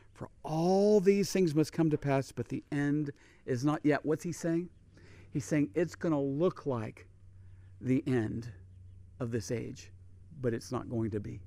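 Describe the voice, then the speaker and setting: A man preaching a sermon on Bible prophecy, swinging between loud declarations and hushed emphasis. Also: on the high side, no room sound.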